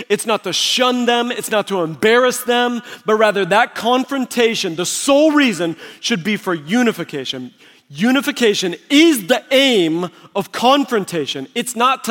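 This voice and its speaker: A man's voice: sits high, moderate pace, a bit bright. A man preaching a sermon as pastor, emphatic and conversational. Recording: long reverb of a large hall.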